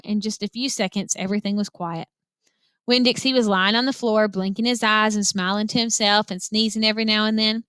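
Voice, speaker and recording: A woman reading a children's novel aloud with lively, expressive storytelling. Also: mid-range voice, smooth, dry recording. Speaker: reader.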